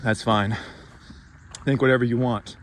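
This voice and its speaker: A man's voice: mid-range voice, steady tone, unhurried, a little hiss or hum. A man giving a profane, sarcastic motivational rant, worked up and swearing freely. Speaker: vlogger.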